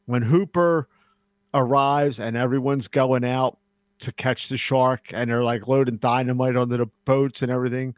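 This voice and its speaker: A man's voice: medium pitch, steady tone, moderate pace, no echo, studio quality. A man, hosting a podcast with wry, sardonic jokes. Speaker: podcast host. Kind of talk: casual podcast banter.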